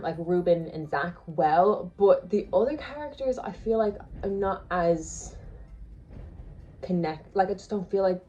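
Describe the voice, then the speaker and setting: A woman's voice: on the low side, mellow. A young woman chatting casually on a reading vlog, rambling with lots of "like" fillers and restarts. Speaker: book vlogger. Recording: slightly dull lo-fi sound with faint music. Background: faint background music.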